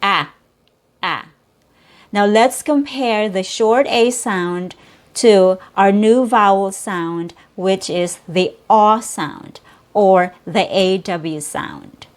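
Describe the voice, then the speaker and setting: Slow, deliberate woman teaching pronunciation. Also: mid-range voice. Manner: clear, deliberate, demonstrates sounds and repeats example words. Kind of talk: slow, careful pronunciation lesson.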